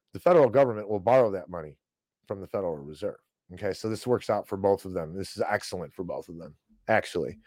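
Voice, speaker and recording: A man's voice: on the low side, darkish tone, no room sound. A man hosting a podcast, talking in a sarcastic, rambling way. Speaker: podcast host. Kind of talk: casual commentary.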